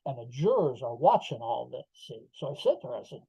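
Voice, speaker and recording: A man's voice: mid-range voice, very animated, a little fast, creaky, mellow, breathy edge, no echo. An older man, a podcast guest, telling his story emphatically with rhetorical asides. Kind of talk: interview storytelling. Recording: slightly dull lo-fi audio.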